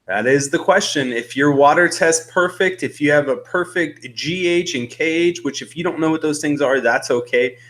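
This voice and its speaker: A man's voice: on the high side, moderate pace, few pauses, a bit bright. A young man hosting a casual live-stream chat, rambling and laughing nervously, a little out of breath. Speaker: host.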